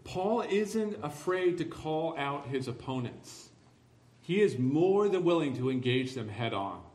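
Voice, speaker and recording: Pastor, male, fairly high voice, emphatic sermon delivery with sarcastic asides, reverberant room. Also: sing-song, unhurried. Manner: emphatic, building to forceful declarations.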